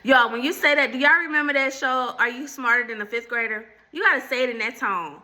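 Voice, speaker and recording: A woman talks straight to her viewers in a casual faith chat, with a piercing, very bright tone set a little high. She calls them y'all and slips into preachy asides. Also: fairly quick. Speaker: faith and relationship channel host. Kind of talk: casual faith talk to camera.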